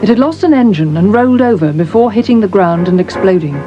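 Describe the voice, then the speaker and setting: A woman's voice: mid-range voice, lively intonation, fast talker. Female documentary voice-over over music. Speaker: documentary narrator. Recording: dull lo-fi TV sound with music behind.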